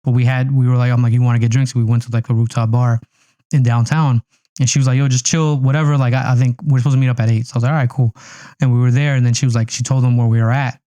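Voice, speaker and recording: A man's voice: medium pitch, level tone, fast talker, dark tone, no echo. A man co-hosting a podcast, telling a rambling story full of "like" and "yo". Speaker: podcast co-host. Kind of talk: casual chat.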